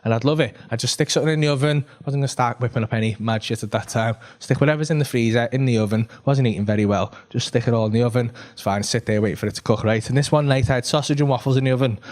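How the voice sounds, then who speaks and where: A man, telling an animated, sweary stand-up story on a comedy club stage, tagging lines with "right?". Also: medium pitch, very fast, hardly any pauses.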